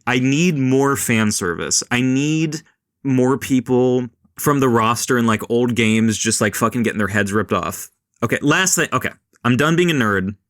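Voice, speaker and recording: A man's voice: mid-range voice, normal speed, fairly bright tone, no echo, clean studio sound. A man hosting a casual film and culture podcast, rambling and swearing as he talks. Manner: rambling, swears a lot, mimics voices. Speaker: podcast host. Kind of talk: casual chat.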